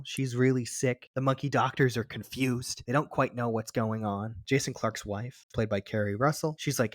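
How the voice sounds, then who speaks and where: A man in casual podcast chat, animatedly retelling a movie plot with quick voiced quotes of its characters and many restarts. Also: mid-range voice, no room sound, clean studio sound. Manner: frequent restarts and repeated words. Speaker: podcast co-host. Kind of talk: casual film recap chat.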